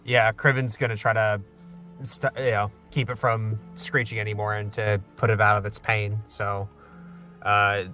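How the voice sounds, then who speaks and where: A man plays in a tabletop game, chatting casually about his character's moves. His voice is bright and forward, and there is faint music underneath. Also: on the low side, little pitch movement, moderate pace. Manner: chatty, laughs easily. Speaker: player.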